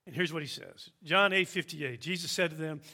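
A man preaching a sermon, slow and emphatic, with dramatic pauses. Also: fairly high pitch, sharp tone.

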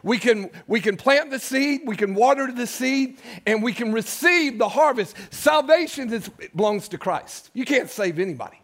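A man's voice: very high-pitched, animated, moderate pace, hardly any pauses, fairly bright tone. A man preaching a sermon to his congregation, impassioned, building his points through repeated phrases. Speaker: pastor. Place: church sanctuary before a congregation.

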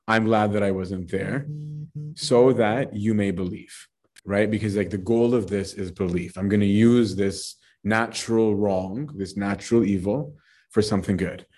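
Casual lower-voiced man teaching scripture. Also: warm tone. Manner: conversational, says "right?" and "like" often. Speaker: Bible teacher. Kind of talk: casual Bible study talk.

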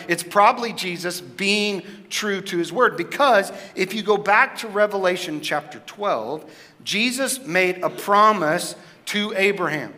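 A pastor delivers his sermon with a bright, forward tone and a slightly high pitch for a man. He talks in a loose, conversational way and often turns questions back to his listeners. His voice carries a long reverb tail from a large church hall. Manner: conversational, asks the congregation questions.

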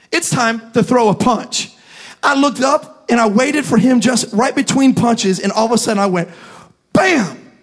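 High-voiced young pastor preaching. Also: male voice. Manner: animated, builds to shouting. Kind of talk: sermon. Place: church service.

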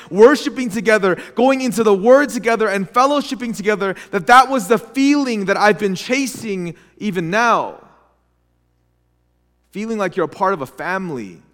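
A man's voice: high-pitched, a bit bright, big-room sound. A young adult man preaching as a pastor, telling his story in an earnest, confessional way with frequent restarts. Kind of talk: sermon.

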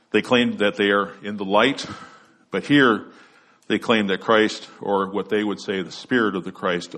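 A man's voice: on the low side, fairly bright tone. A man preaching an expository sermon, earnest and emphatic, letting his voice drop at the end of each point.

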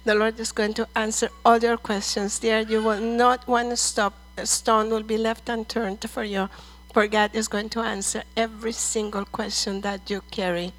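A middle-aged woman ministering prophetic words over people in church, earnest and measured, calling them dear and brother. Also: fairly high pitch, flat delivery, rough recording.

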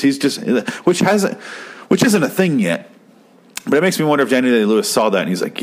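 A young man recapping a TV episode in a casual, rambling, profane commentary, getting excited as he goes. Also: on the low side, normal speed. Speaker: show host.

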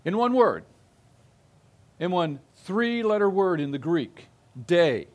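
A man's voice: high-pitched, sing-song, slow, pauses often. A middle-aged male pastor preaching an expository sermon, emphatic and given to repeating phrases with building intensity.

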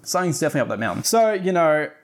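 A man's voice: fairly high pitch, big pitch swings, rapid-fire. A man casually recapping a story, rambling with fillers and wry asides.

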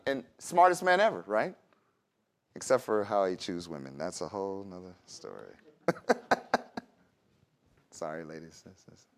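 A man preaching a sermon in a conversational way, with laughs and asides to the congregation. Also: on the low side. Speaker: pastor.

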